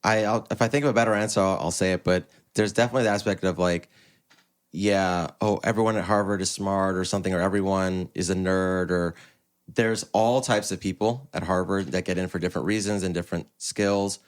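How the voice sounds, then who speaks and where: Low-voiced young guy from the us, laid back, telling his story on a podcast. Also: brisk. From United States. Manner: relaxed, rambling with restarts. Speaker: podcast guest. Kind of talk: casual interview chat.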